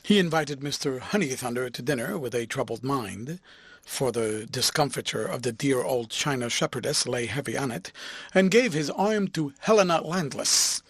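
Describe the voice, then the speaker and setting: A man reading a classic novel aloud as an audiobook, with lively, expressive narration. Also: mid-range voice, moderate pace, breathy edge, no echo, clean studio sound.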